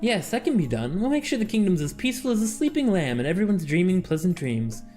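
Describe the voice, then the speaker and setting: Plotting noble lady read by a guy, formal and sly, soft music behind. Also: sits high, sing-song, quick pace, voice pushed up. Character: ambitious scheming noble lady.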